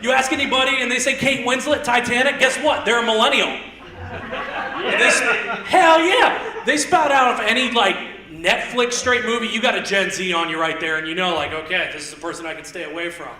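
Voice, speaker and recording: A man in his thirties doing live stand-up comedy on a theater stage, rambling and self-deprecating with quick asides. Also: extremely high pitch, lively intonation, crowd noise. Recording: roomy theater sound, mic heard from a distance.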